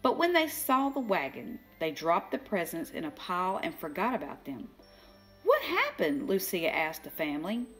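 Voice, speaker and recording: An older woman reading a children's storybook aloud, slow and expressive, giving the characters their own voices. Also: on the low side, faint music behind. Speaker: children's book reader.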